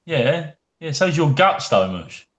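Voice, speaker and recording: A man's voice: fairly high pitch, sing-song, slow, a bit bright. A British man co-hosting a casual podcast, teasing his friends in laid-back slang. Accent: British English. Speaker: podcast co-host. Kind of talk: casual chat. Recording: echoey room.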